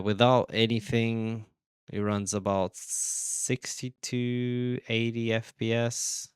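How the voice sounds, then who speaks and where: Slow, gravelly man testing a game. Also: fairly low pitch, dry recording, clean studio sound. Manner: relaxed, thinking aloud with many fillers. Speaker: gaming channel host. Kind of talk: casual gameplay commentary.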